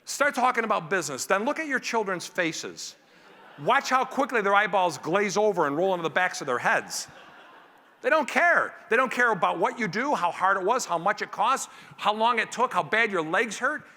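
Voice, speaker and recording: A man delivers a motivational keynote to a conference crowd. His high voice swings widely and sounds bright and forceful. It rings through a large hall with a long reverb tail. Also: normal speed. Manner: animated, acts out family scenes in character voices. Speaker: keynote speaker.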